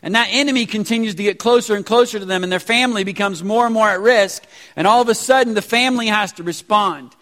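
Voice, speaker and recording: A pastor in his forties who preaches a sermon in a casual, animated way with slangy asides. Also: high-pitched, fast talker. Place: church sanctuary. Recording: reverberant church hall.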